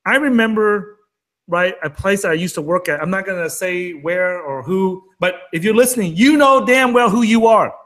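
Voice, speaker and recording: A man's voice: high voice, moderate pace, a bit bright. A man co-hosting a trading talk show, talking in an emphatic, fired-up rant. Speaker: co-host of a crypto trading show. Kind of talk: casual chat.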